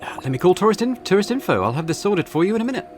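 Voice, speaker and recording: A man's voice: big pitch swings, quick pace, soft background music, natural voice. A man voicing a cheerful female innkeeper in a game, with a wobbly mock German accent. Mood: polite. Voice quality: high falsetto-like, wobbly accent attempt. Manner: polite, fussy hostess lines.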